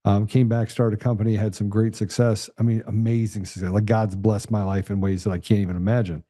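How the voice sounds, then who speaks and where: A middle-aged man with a low, mellow voice hosts the chat, earnest and a little halting as he restarts his thoughts. The recording is dry and close to the mic. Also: little pitch movement, no room sound. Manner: earnest, restarts and stumbles often. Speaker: host. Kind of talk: casual interview chat.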